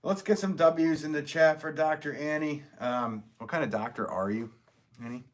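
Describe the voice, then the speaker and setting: A man's voice: on the high side, normal speed. A man hosting a casual live stream, reading viewer comments aloud, chatty and upbeat, thanking people and laughing often.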